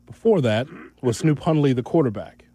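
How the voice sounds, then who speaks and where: A man's voice: mid-range voice, expressive, moderate pace, dark tone, husky, dry recording. Joking sports radio host man. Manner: joking, gives the call-in number.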